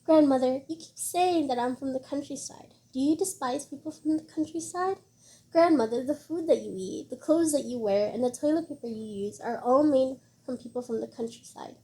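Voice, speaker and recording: A composed young country girl, read by a woman, who speaks calmly and politely but makes every point land. Her voice is slightly high and mellow, and she never raises it. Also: moderate pace. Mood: calm retort. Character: calm, sharp-tongued young country woman.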